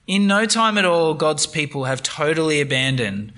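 A man preaching a sermon on a Bible passage, retelling it in a lively, conversational way. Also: on the high side, moderate pace.

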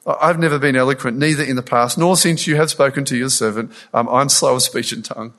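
A man's voice: medium pitch, fast, a bit bright, lightly acted. A man voicing an anxious, reluctant man who stammers and pleads to be excused, as he retells a scripture story in a sermon. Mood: pleading.

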